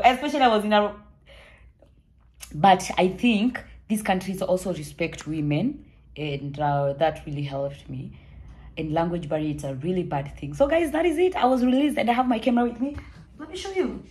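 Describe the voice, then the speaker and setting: A woman's voice: fairly low pitch, moderate pace, a little mellow. Young kenyan woman vlogging, jokey and dramatic, telling a story to camera. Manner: playful, joking, dramatic retelling. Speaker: travel vlogger.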